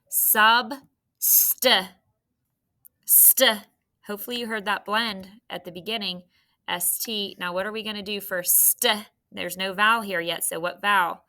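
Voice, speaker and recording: Woman, young adult, teacher, phonics lesson, spells letters out, slow, bright. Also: medium pitch. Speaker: third grade teacher.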